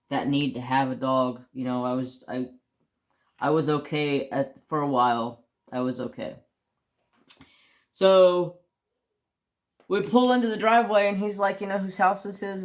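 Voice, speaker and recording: A man casually telling a long personal story on his crafts channel, rambling with restarts and mild swearing. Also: fairly high pitch. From United States.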